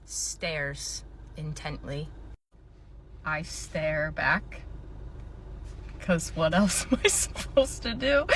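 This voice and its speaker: A woman who manages a retail store telling a workplace storytime in an animated, sarcastic way, swearing freely. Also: deep voice, drawn-out words, pauses often, a little hiss or hum. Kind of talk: storytime vlog.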